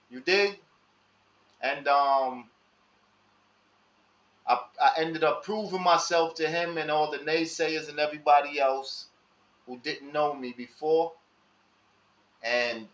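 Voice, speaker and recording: A man talking casually and slowly to his live audience in street slang, asking viewers for their advice. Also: fairly high pitch. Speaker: live stream host. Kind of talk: casual monologue to live chat. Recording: echoey room, dull lo-fi sound.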